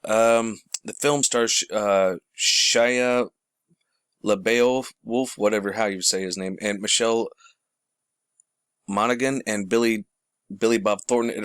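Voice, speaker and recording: A man's voice: medium pitch, no room sound, clean studio sound. A man hosting a rambling commentary show, talking casually to his viewers and calling them folks.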